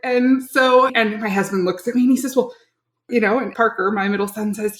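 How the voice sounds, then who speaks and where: A woman's voice: mid-range voice, brisk. A middle-aged woman hosting a podcast, telling a family story in a chatty, casual way. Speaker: podcast host. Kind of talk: casual chat. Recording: roomy echo.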